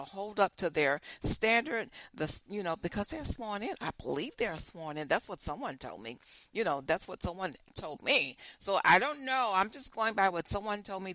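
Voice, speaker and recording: Talk show host, woman, bright and rambling, repeats herself a lot. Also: medium pitch, dry recording, poor audio. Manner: repetitive, questioning, rambling with many restarts. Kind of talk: casual talk show monologue.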